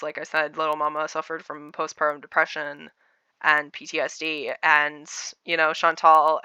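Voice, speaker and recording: Woman commentator, sarcastic and blunt, with a bright, very clean voice and a lowish pitch. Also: smooth, no room sound. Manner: blunt, sarcastic, frequent filler words. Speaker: commentary YouTuber. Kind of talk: casual reaction commentary.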